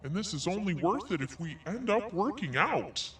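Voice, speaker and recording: A man's voice: sits high, sing-song, normal speed, a bit bright. A man reading as a whiny self-pitying woman. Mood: whiny, dramatic. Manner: dramatic, whiny, self-absorbed. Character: self-pitying woman writing anguished texts. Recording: echoey, distant, with faint music.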